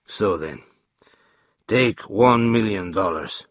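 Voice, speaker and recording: A man voicing a cold, dangerous middle-aged assassin in a storybook reading, speaking low and hushed. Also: slow, dry recording, clean studio sound. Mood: bargaining.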